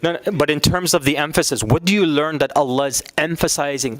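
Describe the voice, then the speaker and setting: Guy teaching a class, kinda high voice, keeps asking the room questions, dry close sound. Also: brisk, few pauses, no echo. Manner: animated, asks the class questions. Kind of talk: classroom lecture.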